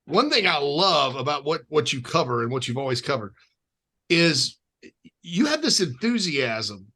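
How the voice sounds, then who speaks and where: A man's voice: a little high, big pitch swings, measured pace, bright, forceful tone, slightly rough. A man from the American South, hosting a podcast and chatting casually in long, rambling sentences. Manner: rambling, with many restarts and fillers. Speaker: podcast host.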